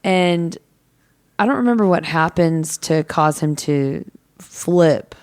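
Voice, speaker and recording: A woman's voice: sits low, lively intonation, slow pace, darkish tone, no room sound. A woman co-hosting a podcast, recapping a film scene in casual chat, with lots of ums and quoted lines. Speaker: podcast co-host.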